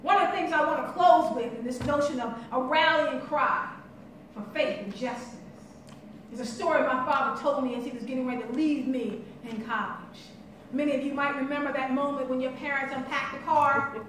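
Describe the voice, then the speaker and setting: A woman's voice: sits high, fairly quick, fairly bright tone, slight background noise. A woman giving an impassioned conference speech and telling stories with rising and falling intensity. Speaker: keynote speaker. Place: conference hall. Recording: echoey hall from far off.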